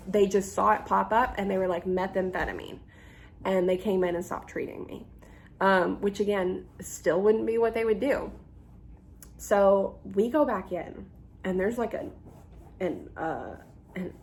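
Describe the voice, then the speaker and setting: A young woman telling a storytime vlog, animated and full of ums, acting out the people she quotes. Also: medium pitch, slight background noise. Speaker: YouTuber. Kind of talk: casual storytime.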